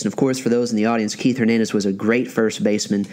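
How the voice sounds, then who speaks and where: A man hosting a podcast interview, chatting and telling stories in a lively way. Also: fairly low pitch, fast talker. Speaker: podcast host. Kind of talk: casual interview chat.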